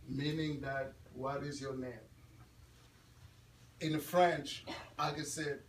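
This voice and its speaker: A man in his twenties giving an animated, laughing talk to students at a school, quizzing his audience. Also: fairly high pitch, slow, long pauses, slight background noise. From Congo. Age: 20s. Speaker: guest speaker at a school. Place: classroom or school hall. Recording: echoey room audio from far off.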